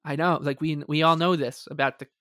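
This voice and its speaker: Measured podcast co-host, dry mic. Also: male voice, on the high side, fairly even intonation, pushed and bright, no echo. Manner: measured, hesitant, many fillers and restarts. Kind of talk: casual sports talk.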